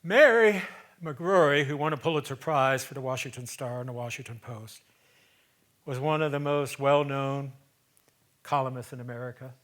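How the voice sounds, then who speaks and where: A man's voice: medium pitch, normal speed. Older man telling a story onstage. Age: 70s. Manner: conversational, swings between loud emphasis and hushed asides. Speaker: solo stage performer. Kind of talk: theatrical storytelling monologue. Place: theater stage.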